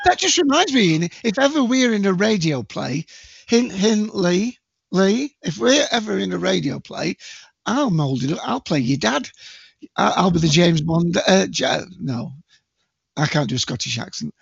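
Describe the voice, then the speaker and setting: A man's voice: sits high, very animated, moderate pace, gravelly, breathy edge, no room sound. A man co-hosting a podcast in casual chat, full of dry teasing banter. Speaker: podcast co-host. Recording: dry dull lo-fi sound.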